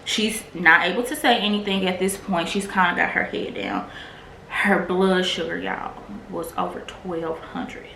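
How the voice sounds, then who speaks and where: A woman's voice: fairly low pitch, lively intonation, a little slow, gravelly, bright, forceful tone. A woman vlogger candidly telling a personal testimony in a casual, filler-heavy way. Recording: echoey room with faint noise.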